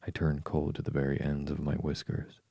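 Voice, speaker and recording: A man's voice: extremely low pitch, monotone, moderate pace, vocal fry, warm tone, husky, dry recording, heavily acted. Man reading a sulky old chess king. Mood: grumpy. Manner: grumbling and fretful. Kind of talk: audiobook reading.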